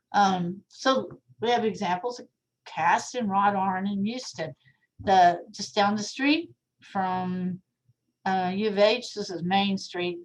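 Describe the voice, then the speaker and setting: A woman's voice: medium pitch, poor audio. A woman lecturing on art history in a casual, chatty way, full of asides. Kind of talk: recorded classroom lecture.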